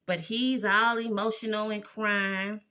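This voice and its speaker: A woman's voice: mid-range voice, flat delivery, unhurried, pushed and bright, clear, resonant tone. A woman giving a blunt, opinionated recap of a TV episode, exasperated and sassy as she talks it through.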